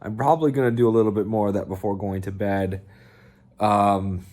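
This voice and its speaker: A man talking casually to camera in a vlog, relaxed and rambling, tired and low on energy. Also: fairly quick. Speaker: vlogger.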